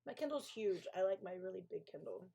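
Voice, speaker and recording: A woman's voice: medium pitch, expressive, fairly quick, creaky, mellow, breathy edge. A woman author hosting a co-working live stream, chatting casually, gushing and talking back to her chat.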